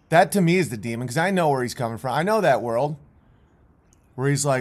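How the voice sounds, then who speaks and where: A man's voice: on the high side, lively intonation, a little fast. A man commentating on video clips in a rambling, intense way, with many restarts.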